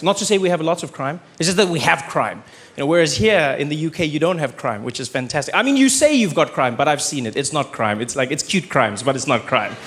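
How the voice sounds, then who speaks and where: South African male comic, dry ironic stand-up delivery, voice sits a touch high. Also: slight background noise. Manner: deadpan, ironic, with playful asides. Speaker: stand-up comedian. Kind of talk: stand-up comedy. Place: large theatre stage.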